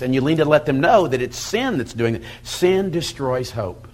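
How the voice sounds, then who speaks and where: A middle-aged man preaching to a men's Bible study in a conversational style, swinging from loud emphasis to quiet, intense asides. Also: fairly high pitch, animated, a little slow, few pauses. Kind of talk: sermon.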